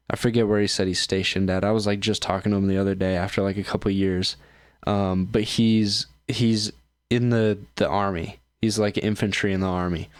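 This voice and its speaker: A man's voice: lowish voice, dry recording. A man hosting his own show, ranting profanely and rambling through reaction commentary with lots of fillers. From United States. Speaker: streamer and show host.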